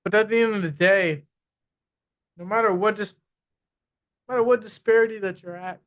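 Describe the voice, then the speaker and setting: A man's voice: high-pitched, fairly even intonation, moderate pace, a bit bright. A man guest on a podcast, an HR tech executive, talking confidently and emphatically, repeating his points while he has the hiccups. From Guyanese roots. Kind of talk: casual interview talk.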